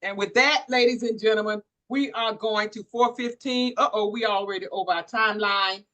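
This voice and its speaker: A woman's voice: mid-range voice, steady tone, normal speed, fairly bright tone. A woman hosting a virtual workshop, exuberant and preacher-like, hyping the audience with church phrases. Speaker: workshop host. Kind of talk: lively church-inflected hosting. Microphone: virtual workshop call.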